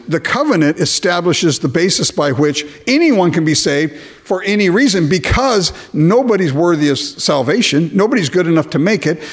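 A man preaches with animated energy, his pitch swinging widely as he drives his points home. His voice sits a little higher than most men's. He mocks imagined complainers in put-on voices before answering them. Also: breathy edge. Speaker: pastor. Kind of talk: sermon.

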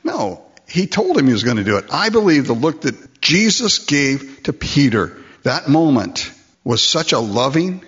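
A man preaching a sermon, animated and acting out the voices in the story. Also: on the high side, a little slow, slightly rough. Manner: animated, acts out voices in quotes. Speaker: pastor. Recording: dull lo-fi recording.

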